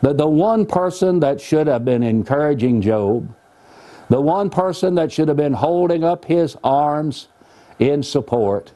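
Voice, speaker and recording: A man's voice: on the high side, lively intonation, measured pace, dark tone. A man teaching the Bible in an earnest, folksy, plainspoken way, using homely examples. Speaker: preacher.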